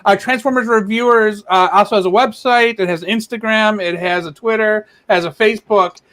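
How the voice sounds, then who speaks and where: A man with a notably high voice hosts a livestream panel over a video call. He moderates in a steady, organized way and hands the turn to each guest in order. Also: brisk. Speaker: panel host.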